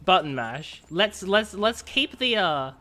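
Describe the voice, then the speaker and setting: A man's voice: sits high, big pitch swings, slow pace, bright, forceful tone. A man streaming a video game, giving sarcastic, rambling live commentary.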